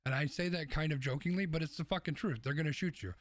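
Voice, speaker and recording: A man's voice: fairly high pitch, quick pace. A man co-hosting a podcast, giving blunt, opinionated takes in casual discussion, sometimes swearing. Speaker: podcast co-host.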